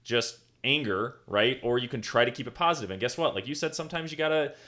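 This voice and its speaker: A man's voice: mid-range voice, quick pace, sharp tone. A man co-hosting a podcast, chatting casually with many fillers and agreeing remarks. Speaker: podcast co-host, dentist. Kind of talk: casual interview talk.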